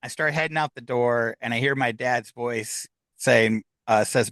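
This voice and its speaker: A man's voice: mid-range voice, unhurried, fairly bright tone, no echo. A middle-aged man recounts a personal story as a podcast guest. His voice sits in a plain middle range. He talks in a candid, rambling way with plenty of fillers, and the recording is close and dry.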